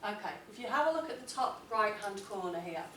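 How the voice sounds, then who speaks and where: A woman's voice: medium pitch, lively intonation, fairly bright tone, distant mic, a little hiss or hum. Woman teaching in an echoey classroom. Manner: clear, deliberate, emphatic reading of model texts. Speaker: English teacher. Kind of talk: classroom writing lesson.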